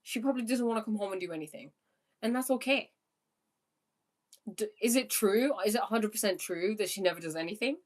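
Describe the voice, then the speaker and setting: A woman's voice: medium pitch, animated, a little fast, long pauses. A young woman working as a life coach, reading viewer questions aloud and answering them earnestly on a live stream. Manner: spiritual, earnest, prone to laughing.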